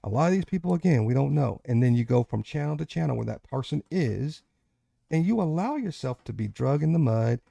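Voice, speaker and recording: A man's voice: mid-range voice, lively intonation, a little fast, vocal fry, warm tone, no room sound. A man hosting a casual online panel discussion, talking in an emphatic, lecturing way. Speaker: host.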